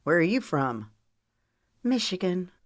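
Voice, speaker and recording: A woman's voice: fairly low pitch, very animated, slow, dry recording. A woman playing young Southern man, polite, reserved, casual replies, dry sound.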